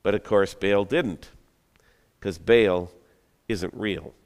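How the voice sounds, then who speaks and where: A man's voice: on the low side, takes it slowly. A man preaching a sermon, retelling a story in a conversational, dramatic way with joking asides. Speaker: pastor. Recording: long hall reverb.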